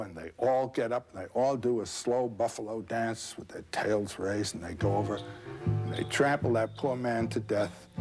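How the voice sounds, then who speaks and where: Brief: male storyteller, conversational, pauses with fillers, faint music underneath. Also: on the low side, rough recording. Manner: halting, with many uh fillers and asides. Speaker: guest storyteller. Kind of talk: retelling a myth in conversation.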